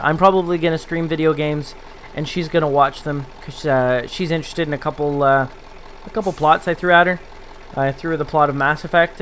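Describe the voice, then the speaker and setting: A young man talks casually to his viewers in a slightly high voice, rambling and filling pauses. He speaks into a desk condenser mic with a pop filter. A faint hum of car engines sits behind him. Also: a bit bright. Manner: rambling, with fillers and laughs. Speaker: video creator. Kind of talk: casual vlog talk to viewers. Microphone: desk condenser mic on a boom with pop filter.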